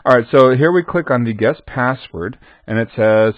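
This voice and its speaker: A man's voice: mid-range voice, moderate pace, few pauses, no echo. A man teaching a programming lesson, chatting to the viewer and answering his own questions. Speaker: programming instructor. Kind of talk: screen-recorded coding lesson. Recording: dull dry lo-fi recording.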